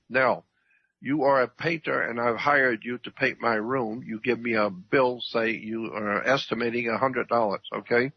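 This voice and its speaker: A man explaining at length as a radio guest, emphatic, repeating his points and often clearing his throat. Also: mid-range voice, fairly even intonation, a little slow, dry recording. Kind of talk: lecturing radio talk. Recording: dull dry radio audio.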